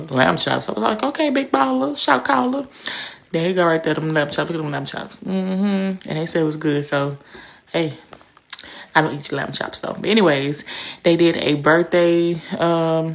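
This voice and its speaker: A woman's voice: deep voice, gravelly. A middle-aged woman chatting casually through a vlog voice-over, drawn out and rambling, dropping "y'all" and "anyways" often. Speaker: vlogger.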